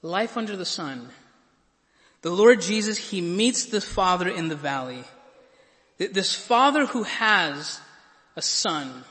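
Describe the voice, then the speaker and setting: A man delivers a sermon slowly, with long pauses, in a high, bright, forceful, and expressive voice. Earnest, he tends to stumble over repeated words before surging to emphatic peaks to drive his points home, all carried by the long reverb of a large hall.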